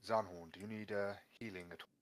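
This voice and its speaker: A British man playing a tabletop game over a voice call, measured and courteous. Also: on the low side, fairly even intonation, a little hiss or hum, poor audio. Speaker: player. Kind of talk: in-character tabletop game chat.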